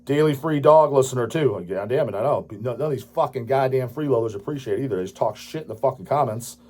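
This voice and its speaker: Husky man ranting with heavy swearing. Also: mid-range voice, fast, a little mellow. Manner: crude, swearing, dismissive ranting. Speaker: channel host answering viewer questions. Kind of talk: profane ranting casual talk.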